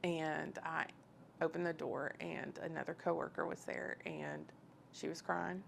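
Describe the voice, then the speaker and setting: A woman's voice: deep voice, fairly even intonation, a little slow, gravelly, slight background noise. A woman telling her personal faith story in an earnest, emotional, conversational way. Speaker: guest sharing her testimony.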